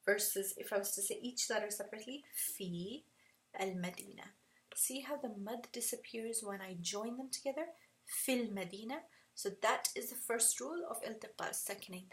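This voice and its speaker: A woman's voice: medium pitch, distant mic, low-quality recording. A woman teaching tajweed at a whiteboard, explaining patiently and often checking in with "right?".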